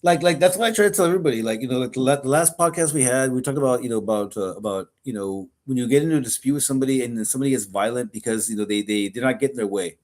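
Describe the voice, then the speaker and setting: A man's voice: medium pitch, rapid-fire, hardly any pauses, a little mellow. A man co-hosting a podcast, talking earnestly in casual chat and often repeating himself mid-sentence. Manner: earnest, repetitive, often restarts. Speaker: podcast co-host. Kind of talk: casual conversation.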